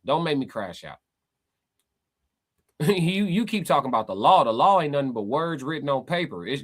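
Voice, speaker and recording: A man hosting a casual livestream, reading chat comments aloud and pushing back in emphatic, slangy, animated talk. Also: fairly high pitch. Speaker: podcast host reading live chat.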